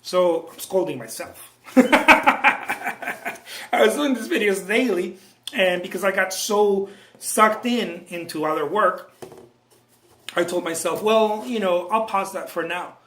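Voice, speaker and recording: A male painter vlogs from his studio, musing aloud in a loose, self-interrupting way with frequent chuckles. His voice sits a touch high and he keeps it hushed for the late hour. The room around him rings with a clear echo. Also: takes it slowly. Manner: loose and self-interrupting, chuckling often, many restarts and asides; talking low late at night. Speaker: painter vlogging about his work. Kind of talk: casual rambling monologue to camera. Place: art studio indoors.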